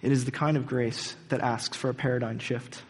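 A man's voice: medium pitch, little pitch movement, moderate pace, husky. Earnest man preaching in a reverberant hall. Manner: storytelling, earnest and dramatic. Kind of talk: sermon.

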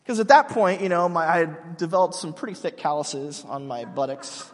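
A man's voice: a little high, moderate pace. A man in his thirties preaching a sermon, telling stories in a casual, joking way with many restarts. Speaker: pastor. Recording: long hall reverb.

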